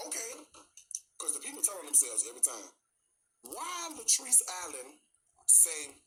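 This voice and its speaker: A man's voice: a little high, normal speed, pauses often, background noise. A man who streams his cooking, talking casually to his viewers and often checking in with "okay?". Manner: lively, repeats "okay?" to check in. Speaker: cooking livestreamer.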